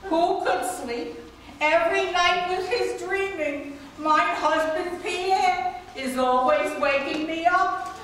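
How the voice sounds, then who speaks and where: Woman doing a rambling old neighbor lady, high voice, slow and deadpan, echoey stage recording from far off. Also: slight background noise, exaggerated voice. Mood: droll. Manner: meandering deadpan storytelling, broken grammar. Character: chatty older woman neighbor, rambling and droll. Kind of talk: amateur stage sketch.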